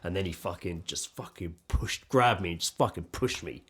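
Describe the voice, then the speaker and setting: Podcast co-host, man, slightly low voice, animated storyteller who plays out the dialogue. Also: normal speed, husky. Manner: animated, heavy swearing, acts out dialogue. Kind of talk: casual storytelling chat.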